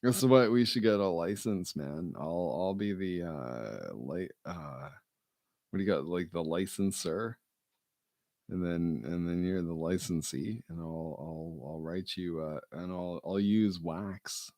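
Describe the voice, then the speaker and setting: Slow, gravelly man rambling. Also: sits low, darkish tone, dry recording. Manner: meandering, jokey, heavy with fillers and swearing. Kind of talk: casual rambling chat.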